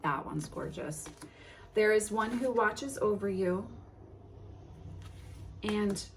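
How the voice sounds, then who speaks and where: A woman hosting a tarot unboxing, reading card titles aloud in a gentle, admiring way with soft exclamations. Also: mid-range voice, expressive, slow pace, slight background noise. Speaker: tarot reader and channel host.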